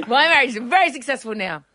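A woman co-hosting a radio show, animated and playful, often laughing. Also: fairly high pitch, background noise. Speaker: radio co-host. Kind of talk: casual banter. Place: radio studio.

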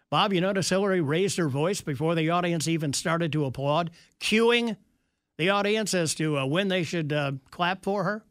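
A man's voice: on the high side, measured pace, a bit bright, dry recording, studio quality. A man hosting a call-in radio show, reading listener texts aloud and adding sarcastic asides. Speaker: radio talk show host.

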